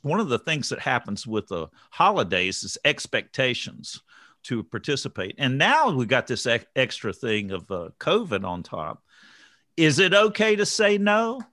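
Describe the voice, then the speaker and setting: A man talking in a relaxed group chat, reflective and earnest, laughing easily. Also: medium pitch, normal speed, dry recording, studio quality. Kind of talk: casual group chat on recovery.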